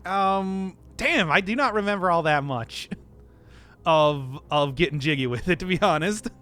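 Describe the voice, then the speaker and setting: A man's voice: a little high, animated, a little slow, sharp tone. A male streamer chatting casually and playfully with his audience, laughing often. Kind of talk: casual live-stream chat.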